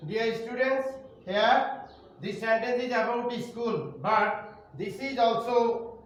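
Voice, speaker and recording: A man with a Bangladeshi accent teaching an online English grammar lesson to primary students, explaining slowly and repeating himself. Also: very high-pitched, dull audio. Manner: slow, repetitive explaining to students. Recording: roomy, distant, faint noise.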